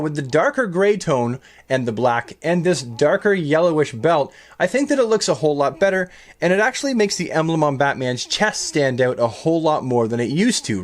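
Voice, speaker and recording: A man narrating a toy showcase, chatty and upbeat, with playful puns. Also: a little high. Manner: chatty, upbeat and pun-loving. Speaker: toy collector reviewing custom action figures.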